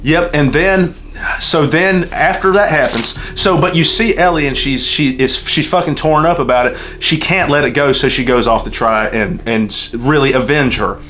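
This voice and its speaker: A man's voice: a little high, moderate pace, a bit bright, a little hiss or hum. Rambling, cursing Southern man. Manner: rambling, emotional, swears constantly. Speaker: channel host reviewing a game. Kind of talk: casual unscripted review chat, heavy profanity.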